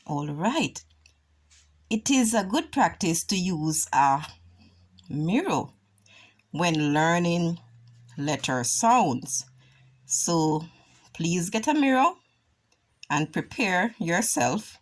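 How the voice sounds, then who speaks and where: A woman teaching a children's phonics lesson, drawing out vowel sounds slowly and deliberately. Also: low-pitched, very animated. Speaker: reading teacher.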